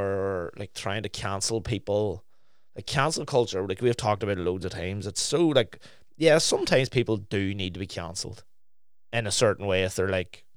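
A man's voice: on the low side, clear, resonant tone, no room sound, studio quality. A young man, chatting as a podcast co-host and telling stories animatedly, with a lot of swearing. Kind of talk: casual chat.

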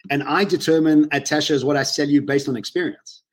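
Animated man, higher voice. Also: brisk. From South Africa. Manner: animated, emotional storytelling. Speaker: guest. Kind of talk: casual webinar interview.

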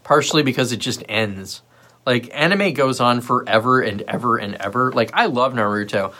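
A man chats loosely on his own livestream, drifting from thought to thought with plenty of filler words and side remarks. His pitch sits at an ordinary middle height for a man. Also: moderate pace. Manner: loose, rambling, many fillers and asides; puts on lively voices when quoting others. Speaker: livestream host. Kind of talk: casual rambling livestream chat.

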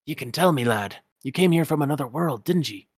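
A man's voice: on the high side, lively intonation, fairly quick, slightly rough, dry recording, clean studio sound, voice pushed up. A man voicing a stingy old Scottish cartoon duck millionaire, with a folksy brogue full of "ye" and "laddie". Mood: wheedling, chummy.

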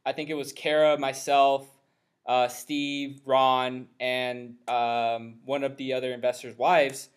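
A man hosting a casual podcast conversation, talking in a loose, rambling, animated way. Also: mid-range voice, slow pace, clear, resonant tone. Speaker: podcast host.

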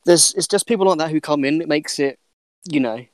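A man's voice: fairly high pitch, brisk, dry recording. A man co-hosting a casual podcast, chatting in a laid-back way with lots of fillers. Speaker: podcast co-host.

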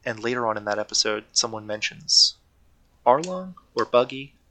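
This podcast co-host has a medium-pitched voice that sounds animated, bright and pushed, at a moderate pace. He chats enthusiastically on a casual show, wandering off topic and frequently correcting himself.

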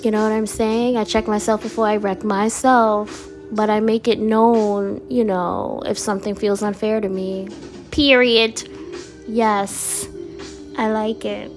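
A woman's voice: medium pitch, fairly even intonation, faint music behind. A woman casually chatting as she reads affirmation cards, laid-back, laughing often and throwing in slangy asides. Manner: reads cards slowly and deliberately. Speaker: vlogger reading affirmation cards. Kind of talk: casual chat.

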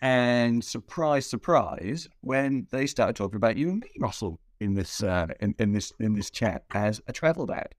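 Male podcast host, lowish voice, playful and rambling, dry close sound. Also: expressive, moderate pace, hardly any pauses, dry recording. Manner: playful, rambling, with frequent restarts. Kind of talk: casual podcast chat.

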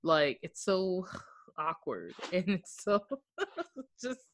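A woman's voice: lowish voice, sing-song, extremely slow, a little hiss or hum. A young woman co-hosting a podcast in casual chat, laughing often and swearing freely. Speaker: podcast co-host.

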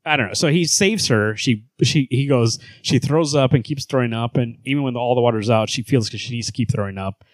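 A man's voice: medium pitch, a little fast, hardly any pauses, no echo. A man co-hosting a comics podcast, recapping a comic in a casual, profane, rambling way with lots of fillers. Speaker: podcast co-host. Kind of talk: casual chat.

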